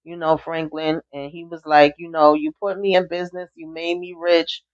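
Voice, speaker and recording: A woman's voice: deep voice, little pitch movement, normal speed. A woman giving a casual, chatty TV episode recap, acting out the characters' lines as she retells each scene. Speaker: TV recap reviewer. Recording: dull lo-fi recording.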